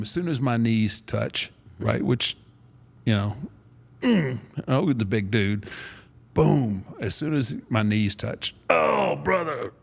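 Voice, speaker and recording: A man's voice: lowish voice, creaky. An older man, a former wrestler, casually retelling a story on a podcast, acting out the quotes with many restarts. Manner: animated retelling, acts out quotes, frequent restarts.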